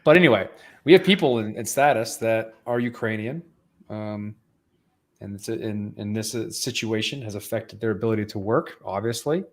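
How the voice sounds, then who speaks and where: A man's voice: lowish voice, normal speed. A man co-hosting a podcast in casual chat, earnestly explaining at length. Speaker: podcast co-host.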